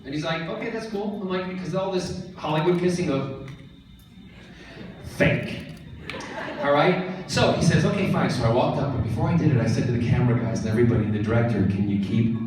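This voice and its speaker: A man on stage at a fan convention panel, teasing the audience and telling a lively anecdote. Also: medium pitch, fairly quick, background noise. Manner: playful, teasing, theatrical. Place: large convention hall. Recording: echoey hall taped from far off. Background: audience crowd.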